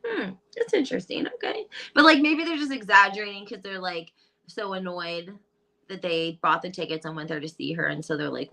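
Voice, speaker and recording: A woman's voice: on the low side, lively intonation, a little fast, vocal fry, sharp tone. A woman hosting a lighthearted, chatty gossip talk with playful asides. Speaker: host. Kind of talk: casual gossip chat.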